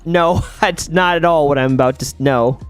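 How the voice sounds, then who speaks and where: A man's voice: fairly high pitch, normal speed, smooth, soft background music. A man hosting a casual live gaming stream, chatting with viewers and thinking aloud while he plays.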